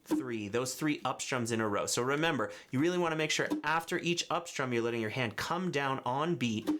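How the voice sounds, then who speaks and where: A man teaching a ukulele tutorial, giving clear, patient step-by-step instructions and counting beats aloud. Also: medium pitch, animated, brisk, fairly bright tone. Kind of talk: music tutorial, counting and singing along. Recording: ukulele playing behind the voice. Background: ukulele strumming.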